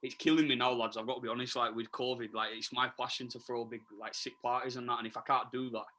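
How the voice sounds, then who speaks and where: Chatty Leeds man with a bright voice. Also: medium pitch, flat delivery, fast, rough recording. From Leeds, England. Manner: chatty, enthusiastic, full of fillers and restarts. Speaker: guest DJ. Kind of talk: casual podcast interview.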